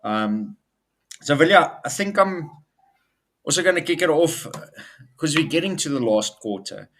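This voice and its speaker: A man's voice: fairly high pitch, lively intonation, moderate pace, a bit bright, slight background noise. A man co-hosting a casual business chat show, upbeat and talking in loose run-on sentences with fillers. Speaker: co-host.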